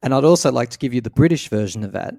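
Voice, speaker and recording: A man's voice: expressive, very fast, gravelly, mellow, no echo, clean studio sound. Playful man hosting a podcast. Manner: playful, mocks with squealing high-pitched voices. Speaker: podcast host. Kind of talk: casual podcast chat.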